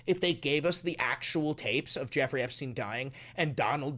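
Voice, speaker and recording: A man giving casual, profane political commentary, swinging from sarcastic muttering to excited outbursts. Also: medium pitch, moderate pace, hardly any pauses.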